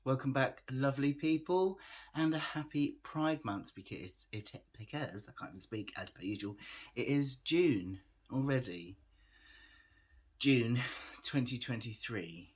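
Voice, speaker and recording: A man's voice: medium pitch, a little slow, slightly rough. A tired man chatting casually to his camera as a vlogger, laughing often and making fun of himself. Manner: chatty, laughs often, self-deprecating, trails off.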